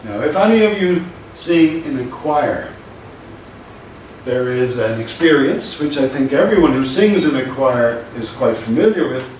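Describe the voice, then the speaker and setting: Man, lecturer, measured explanation, distant mic, very echoey room, faint background noise. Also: mid-range voice, animated, a little mellow. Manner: measured and explanatory, stressing key points. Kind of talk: university lecture.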